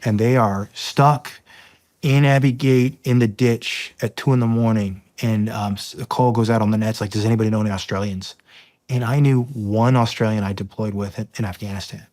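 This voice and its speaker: A man from the United States, a Marine officer, tells a long story in a podcast interview, halting often with restarts and fillers and acting out the dialogue. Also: lowish voice, fairly even intonation, a little mellow.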